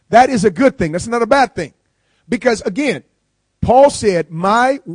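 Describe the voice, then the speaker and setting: A male preacher delivering a live sermon to a congregation, emphatic and repeating key lines, moving between quiet asides and loud declarations. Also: sits high, no room sound.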